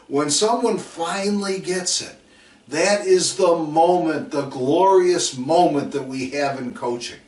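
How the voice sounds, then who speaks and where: Emphatic football coach in a roomy hall. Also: male voice, on the high side, expressive, takes it slowly. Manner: emphatic, repeats drill calls, acts out players. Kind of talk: coaching lecture with stories. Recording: roomy sound from a distant mic.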